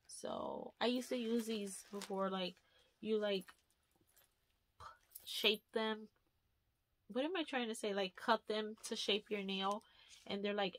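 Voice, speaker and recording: Young woman vlogger, casual unboxing chatter, middle pitch, rambling delivery, faint background hiss. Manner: chatty, rambling, lots of "like" fillers. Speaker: beauty vlogger. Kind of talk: casual haul unboxing chat.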